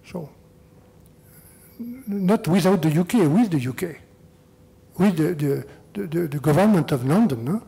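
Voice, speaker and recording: A man's voice: fairly high pitch, expressive, measured pace, creaky, pauses often, dark tone. An older man with a French accent, speaking English as a second language while answering audience questions in a lecture hall, repeating words and adding "huh?" to his points. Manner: non-native phrasing, repeats words, tags "huh?". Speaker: EU chief negotiator giving a lecture.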